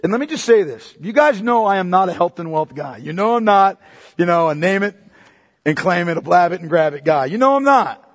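A man preaching a sermon as pastor, emphatic and repetitive, swinging between loud and hushed delivery. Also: high-pitched, lively intonation, a little fast, long reverb tail.

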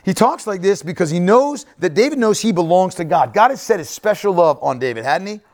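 Male pastor, mid-high voice, animated sermon delivery, chatty and repetitive. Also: fairly quick. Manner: conversational preaching, frequent "right?" asides and repeated phrases.

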